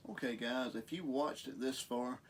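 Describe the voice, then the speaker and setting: With a little hiss or hum in the recording, a medium-pitched man from the Southern United States explains a guitar setup at normal speed. The host of a guitar repair channel, he keeps the demo casual, relaxed, folksy and self-deprecating.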